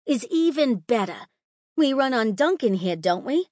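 A woman's voice: on the high side, very animated, a little slow, darkish tone, no room sound, clean studio sound, voice pushed up. A woman voicing a smug, teasing mother figure with a sing-song, condescending manner in an audiobook.

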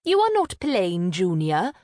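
A woman's voice: fairly low pitch, huge pitch swings, unhurried, warm tone, dry recording, studio quality. A woman voicing a lofty, demanding young noble sister. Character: legitimate middle sister, lofty young girl.

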